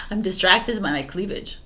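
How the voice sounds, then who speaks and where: A woman reading tarot in vlog bloopers, giggling and flustered, stumbling and restarting, with quiet asides under her breath. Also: medium pitch, a little slow. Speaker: tarot reader.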